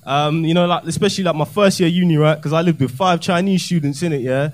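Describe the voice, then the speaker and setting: High-voiced young comic. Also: male voice, fast talker. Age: young adult. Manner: deadpan, self-mocking, slangy. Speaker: stand-up comedian. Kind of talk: stand-up set. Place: comedy club stage.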